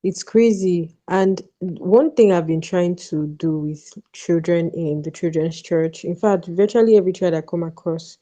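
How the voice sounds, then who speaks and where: Podcast host: woman, low and very dark voice, calm conversational remarks. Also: measured pace, hardly any pauses. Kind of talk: casual conversation.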